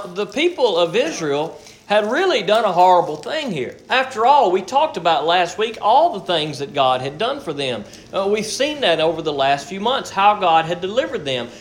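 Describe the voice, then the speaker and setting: A man's voice: high-pitched, sing-song, moderate pace. A man preaching a sermon as pastor, earnest and explanatory, often repeating words as he searches for the next phrase.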